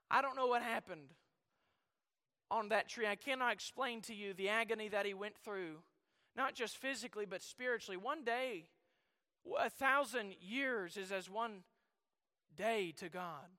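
A man preaching with a high, very bright, ringing voice that carries. He climbs into loud, shouted runs, then drops low and quiet as he reads old-fashioned scripture. The sound has a long reverb, like a big sanctuary. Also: measured pace. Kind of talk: sermon.

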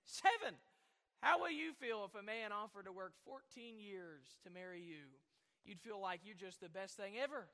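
A man's voice: high voice, lively intonation, moderate pace, sharp tone, in a large hall. A man preaching a sermon, rambling at times and asking the congregation questions. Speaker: pastor.

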